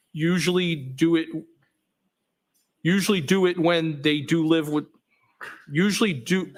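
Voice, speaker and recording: In a courtroom, a man on the witness stand reads text messages aloud, calm and matter-of-fact, even pronouncing the punctuation. His voice is fairly high.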